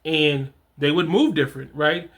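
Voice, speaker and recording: A middle-aged man hosts a casual talk on fatherhood and reads from his own program. He is animated and conversational and often repeats or restarts his words. His voice sits high and sounds bright and forceful. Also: moderate pace. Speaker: fatherhood coach and host.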